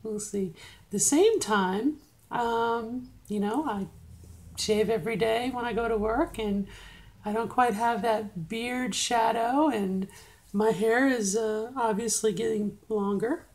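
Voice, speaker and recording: A middle-aged woman talking in a casual video diary, halting and full of fillers as she speaks in a deliberately higher register. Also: darkish tone, poor audio. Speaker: video diarist.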